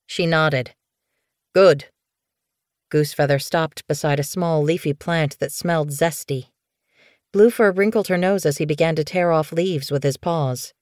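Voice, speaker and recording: A woman narrating an audiobook in a steady, measured storytelling voice. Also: sits low, dry recording, studio quality.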